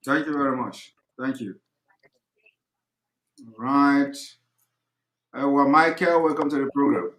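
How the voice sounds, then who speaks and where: A man's voice: medium pitch, unhurried, pauses often, a bit bright, echoey room, rough recording. A man hosting a live call-in broadcast, brief and courteous. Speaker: host.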